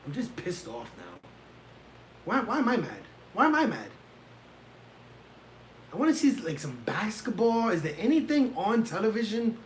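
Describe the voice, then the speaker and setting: A man's voice: sits high, huge pitch swings, moderate pace, pauses often, a little hiss or hum. A man hosting a casual livestream, ranting in an exasperated way and talking straight to his chat from a room at home. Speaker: livestream host reacting to fights.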